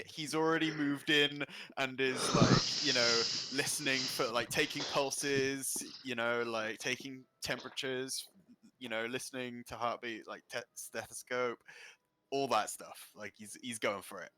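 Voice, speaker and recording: A man's voice: medium pitch, fairly even intonation, measured pace, bright, forceful tone, low-quality recording. A man playing a tabletop game, describing his moves in rambling casual talk. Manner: rambling, many fillers.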